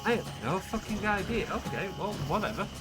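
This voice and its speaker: A man's voice: high-pitched, very animated, brisk, loud music behind the voice, low-quality recording. A man with a Yorkshire accent giving casual, chatty commentary while streaming a game, swearing freely and answering his chat aloud. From Northern England.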